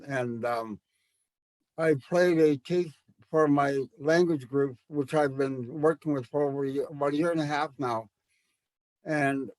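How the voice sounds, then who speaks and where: A man's voice: a little high, darkish tone, no room sound. A man teaching a language class to educators, speaking thoughtfully with many fillers and restarts. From Canada.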